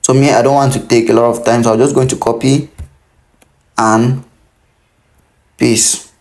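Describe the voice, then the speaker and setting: A man in his thirties from Cameroon talks a viewer through an online application one field at a time. His voice sits at a middle pitch, and he keeps stopping to warn that every detail must be entered correctly. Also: fairly even intonation, unhurried, darkish tone. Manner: instructive, repeats warnings to pay attention. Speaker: tutorial host. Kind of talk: screen-recorded how-to walkthrough.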